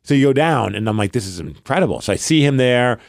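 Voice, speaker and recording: A Brooklyn man with a New York accent co-hosts a podcast, rambling through a long story in casual chat and acting out the voices of the people he quotes. His medium-pitched voice is animated, fast, and has vocal fry, recorded in studio quality with no echo.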